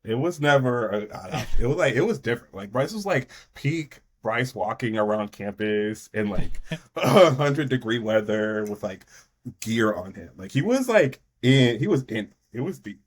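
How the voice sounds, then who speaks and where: A man's voice: mid-range voice, lively intonation, moderate pace, slightly rough. A man in casual podcast chat, teasing his guest and backing up the story. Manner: teasing, chiming in with backup to the story.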